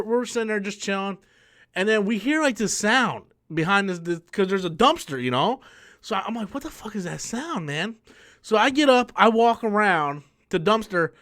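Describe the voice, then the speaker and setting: A man in his thirties chats casually on a live stream, his voice sitting high for a man. He is profane and rambling, and he often stops to restart his sentences. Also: a bit bright. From New York. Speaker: channel host.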